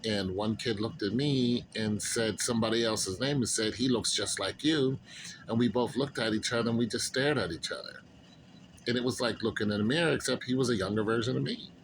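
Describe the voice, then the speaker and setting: A man's voice: lowish voice, brisk, slight background noise, low-quality recording. Earnest rambling man telling stories. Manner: earnest, rambling storyteller with many fillers. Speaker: vlogger. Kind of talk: casual monologue.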